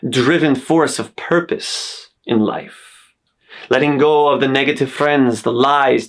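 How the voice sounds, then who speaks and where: With a mid-range, slightly bright voice, a man gives a motivational self-help talk, earnestly listing uplifting affirmations. He speaks in a stylized accent of his own invention.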